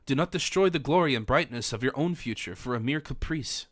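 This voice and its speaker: A man's voice: mid-range voice, expressive, fairly quick, a bit bright, dry recording, studio quality. A man voicing a distraught, devout young woman in an audiobook, pleading in formal old-fashioned speech. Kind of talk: audiobook character reading.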